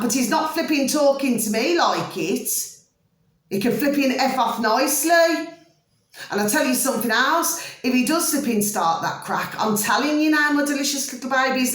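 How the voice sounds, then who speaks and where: A woman ranting to her viewers in an animated monologue, full of repeated "I said" and fond pet names for her audience. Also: high voice, roomy sound. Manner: animated, repeats "I said", calls viewers "my delicious little babies". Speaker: vlogger.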